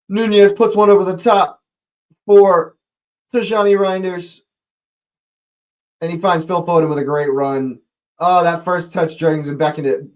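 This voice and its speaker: Man, fan match commentary, excitable, fairly high voice, chats with viewers. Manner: excitable, voice leaps up on near chances; chatty, greets and talks to chat viewers. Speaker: watch-along host. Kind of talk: live fan play-by-play commentary.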